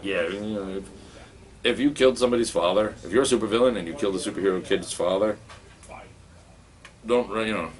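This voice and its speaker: Deep-voiced, rambling comic shop reviewer guy. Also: a little fast, pauses often. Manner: rambling and wry, with many fillers and restarts. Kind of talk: casual review chat. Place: comic book store.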